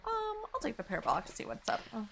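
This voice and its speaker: A woman chatting casually while playing a game with friends, bubbly and quick to react. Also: on the high side, huge pitch swings, creaky, noisy background. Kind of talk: casual gaming stream chat.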